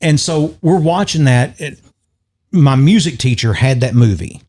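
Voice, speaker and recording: A man's voice: mid-range voice, lively intonation, measured pace, darkish tone. A man co-hosting a podcast, telling long rambling stories in casual chat and chuckling often. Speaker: podcast co-host.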